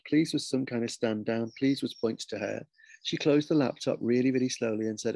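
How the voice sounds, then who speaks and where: Gravelly-voiced man reading a story. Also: medium pitch, a little fast, dry recording. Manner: lively, expressive storytelling. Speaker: author reading his book.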